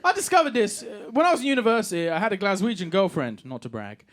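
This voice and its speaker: On a comedy club stage, a man from England in his thirties works the crowd with a wry, chatty stand-up routine while the audience laughs. He talks fast in a sing-song voice that sits high and sounds fairly bright.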